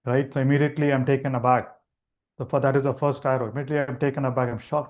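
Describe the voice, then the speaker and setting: Guy leading an online meditation class, gentle and slow, restarts a lot, average pitch. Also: level tone. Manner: gentle, unhurried explaining with restarts. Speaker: meditation teacher.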